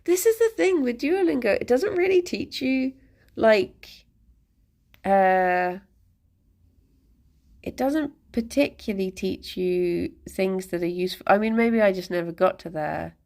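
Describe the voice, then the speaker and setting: A woman's voice: medium pitch, lively intonation, measured pace, vocal fry, darkish tone. A woman live streamer chatting casually with her viewers, rambling and self-deprecating, chuckling as she goes.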